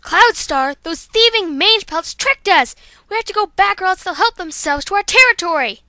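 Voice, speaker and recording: Woman voicing a fierce female warrior cat, high bright voice, shouting, dry home recording. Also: animated, slow, no echo, heavily acted. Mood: urgent. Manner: loud, shouting battle cries.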